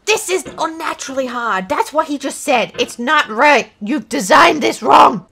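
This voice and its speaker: A woman gamer at home giving frustrated commentary on a game, swearing and shouting often. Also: on the high side, animated, normal speed, few pauses. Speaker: let's play gamer.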